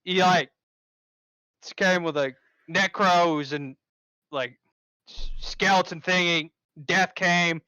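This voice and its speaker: Guy playing his rambly flustered adventurer, bright dry voice. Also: high voice, clean tone, dry recording, exaggerated voice, poor audio. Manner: halting, rambling explanations.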